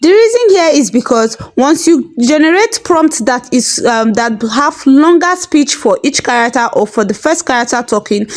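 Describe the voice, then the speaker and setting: Female tutorial host, slightly high voice, patient and instructive. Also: a little mellow. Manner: patient, instructive, repeats herself. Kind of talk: step-by-step tutorial.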